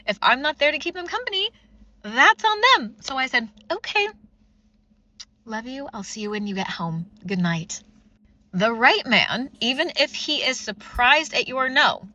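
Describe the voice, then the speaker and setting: A woman's voice: a little high, muffled recording. A woman host candidly telling a personal relationship story and giving advice, acting out the quotes as she goes. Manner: candid, lively retelling with acted-out quotes.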